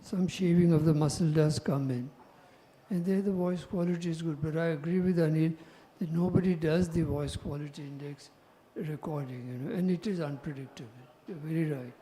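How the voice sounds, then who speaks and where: A man's voice: fairly high pitch, moderate pace, mellow, a little hiss or hum. A man moderating a medical panel discussion, conversational and agreeable.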